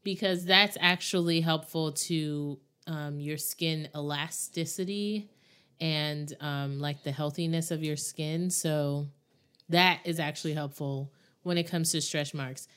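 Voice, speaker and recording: A woman's voice: low-pitched, steady tone, a little slow, a bit bright, smooth. A pregnant woman co-hosting a podcast with her sister, talking casually and rambling with frequent laughs. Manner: chatty, rambling, laughs often. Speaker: podcast co-host.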